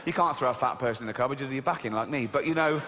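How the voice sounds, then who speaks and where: A man with an English accent doing a stand-up comedy routine on stage, lively and mocking, swearing freely. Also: mid-range voice, racing, slight background noise. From Britain. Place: large theater on stage. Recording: dull live hall recording with reverb.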